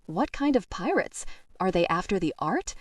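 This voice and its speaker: A woman's voice: on the low side, sing-song, normal speed, slightly rough, no echo, clean studio sound. A woman voicing a teenage boy who sounds wry, weary and a little defensive.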